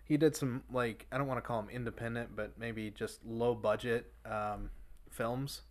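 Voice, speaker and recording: A man's voice: mid-range voice, steady tone, normal speed, a little mellow. A man hosting a casual chat show, rambling with many fillers and restarts. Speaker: podcast host.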